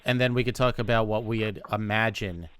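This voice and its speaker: A man's voice: fairly low pitch, fairly even intonation, fairly quick, a crowd in the background. A man hosting a comedy podcast, telling stories in a laid-back way and acting out the other voices. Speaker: podcast host. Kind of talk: casual comedic chat.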